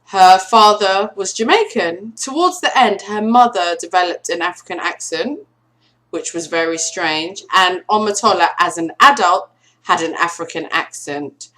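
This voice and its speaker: A woman giving a casual film review vlog, animated and sarcastic, leaning hard on her emphasis. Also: lowish voice, unhurried.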